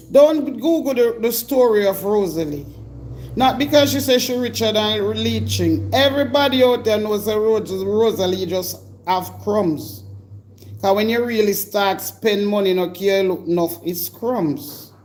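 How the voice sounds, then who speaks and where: A woman's voice: a little high, darkish tone. A woman with a Jamaican accent hosting a live stream, delivering an indignant, confrontational rant straight at her target. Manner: scolding, indignant, addresses her target directly.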